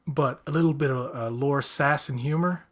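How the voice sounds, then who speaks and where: Man, middle pitch, casual host chat, rambling, lots of restarts, eager fan. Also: moderate pace, a bit bright. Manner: rambling with many restarts and fillers; enthusiastic fan. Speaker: podcast host.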